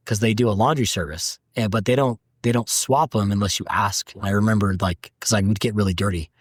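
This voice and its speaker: A man's voice: fairly low pitch, brisk, no room sound, studio quality. A man guest on an interview podcast, talking candidly and acting out quotes as he tells stories. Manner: candid storytelling, acts out quotes. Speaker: manufacturing director, guest. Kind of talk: casual interview talk.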